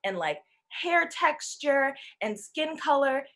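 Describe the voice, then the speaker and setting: On a talk panel, a twenty-something woman recounts something that happened to her, taking it slowly in a high-pitched voice. Her delivery is casual and animated, and she performs the quoted lines in the characters' voices.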